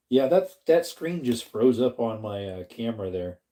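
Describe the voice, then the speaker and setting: A middle-aged man hosting a relaxed livestream, with a dark, mellow tone. He rambles along in an easygoing way, laughs often and greets his chatters by name. His pitch sits in an ordinary middle range. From Arizona. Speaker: livestream host reading chat. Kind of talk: casual livestream chat.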